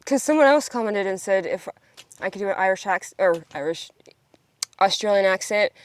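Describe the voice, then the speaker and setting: A woman's voice: mid-range voice, lively intonation, moderate pace, no echo. A jokey woman chatting on a family vlog, playing with silly accents. The sound is dry and close. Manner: jokey, puts on mock accents. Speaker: vlog co-host. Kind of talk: casual chat.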